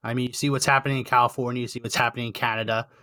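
A man's voice: medium pitch, level tone, very fast, bright, forceful tone, no room sound, studio quality. A man hosting a call-in talk show, chatty and agreeable, often affirming the caller. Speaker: host.

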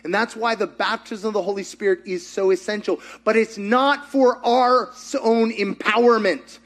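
A man's voice: sits high, steady tone, normal speed, a bit bright. A man preaching as a pastor, telling a story and then leading a fervent prayer. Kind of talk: sermon and prayer.

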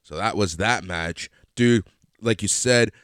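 A man's voice: on the low side, takes it slowly, a bit bright, clean tone, no room sound, studio quality. A man co-hosting a podcast, chatting casually and expressively about a wrestling show, swearing and laughing a lot. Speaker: podcast co-host. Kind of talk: casual wrestling recap chat.

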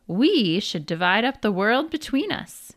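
A woman's voice: a little high, big pitch swings, measured pace, no room sound, clean studio sound. A woman voicing a huge, proud, boastful male elephant in a storybook reading. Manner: boastful, pompous. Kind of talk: storybook read-aloud.

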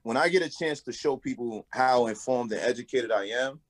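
A man who is a rapper, talking earnestly in a casual interview, with many halting restarts and some swearing. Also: mid-range voice. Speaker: rapper and guest.

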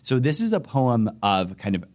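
A man's voice: mid-range voice, big pitch swings, normal speed, darkish tone, no echo. A man hosting a podcast, reading a poem aloud and then talking through its form in a thoughtful way, with frequent ums and uhs. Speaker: podcast host. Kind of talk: poetry reading and analysis.

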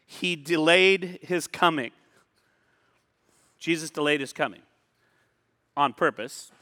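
A male pastor preaching a sermon in a conversational way, pausing and repeating phrases for emphasis. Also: a little high, bright, forceful tone. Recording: long hall reverb.

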